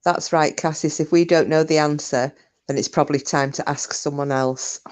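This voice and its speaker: A woman's voice: low-pitched, steady tone, normal speed, a little mellow. A woman hosting a casual live chat, laughing often and swearing casually. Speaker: live stream host. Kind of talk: casual chat reading viewer comments. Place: home, windy day.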